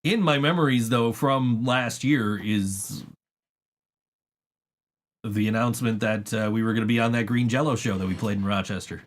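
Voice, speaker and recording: A man's voice: on the low side, moderate pace. Rambling, swearing man telling stories. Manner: rambling storyteller, swears often, laughs between stories. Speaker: podcast host. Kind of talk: casual chat.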